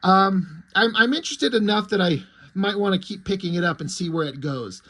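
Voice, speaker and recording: A man with a fairly high voice chats his way through a comic, amused and easygoing. His talk is loose and full of fillers, like a casual review. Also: normal speed. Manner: relaxed, amused, many fillers. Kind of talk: casual review, reading aloud.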